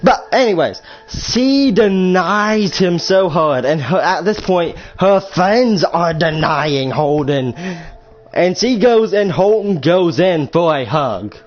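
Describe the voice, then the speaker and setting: A man's voice: a little high, expressive, slow. A teenage boy telling a storytime vlog story in a rambling, crude way, often stopping to correct himself. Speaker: storytime vlogger. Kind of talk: casual storytelling. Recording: slightly muffled lo-fi audio with faint music.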